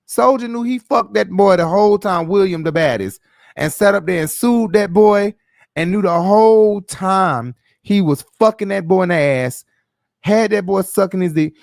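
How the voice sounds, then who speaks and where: A man's voice: high voice, normal speed, creaky, no echo, clean studio sound. A man hosting a casual gossip show, giving blunt, profane opinions in a loose, chatty way. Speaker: host.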